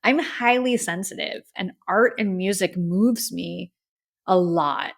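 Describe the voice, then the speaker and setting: Creaky-voiced woman hosting a podcast. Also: medium pitch, slow pace. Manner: effusive and heartfelt, often says "like". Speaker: podcast host. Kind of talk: casual music review podcast.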